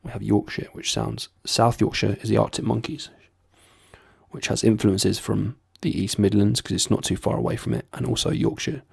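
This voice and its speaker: A man's voice: fairly low pitch, moderate pace, vocal fry, slightly rough, no echo, clean studio sound. A young man from the south of England with a southern English accent, chatting casually and swearing freely. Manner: laid-back, sweary, rambling. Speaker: vlogger. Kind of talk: casual chat about accents.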